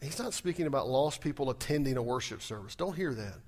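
A middle-aged male pastor preaching a conversational sermon, asking rhetorical questions and swinging between raised emphasis and quiet, trailing phrase endings. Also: mid-range voice, expressive, quick pace.

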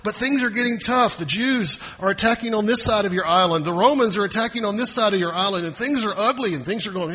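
Husky preacher in a reverberant hall. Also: male voice, sits high, animated, brisk, hardly any pauses, sharp tone. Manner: emphatic, repeats key phrases. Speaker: pastor. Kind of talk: sermon.

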